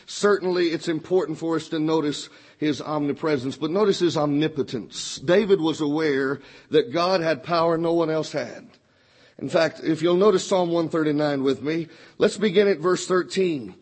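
A man with a fairly high, husky voice delivers a sermon. He climbs in pitch when quoting scripture and sinks low and quiet when he turns personal. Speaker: preacher.

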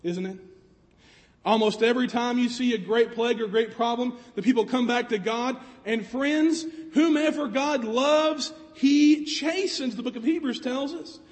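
A man with a very high voice preaches a sermon in an earnest way, often pausing on rhetorical questions. His voice carries a long reverb, like a large hall.

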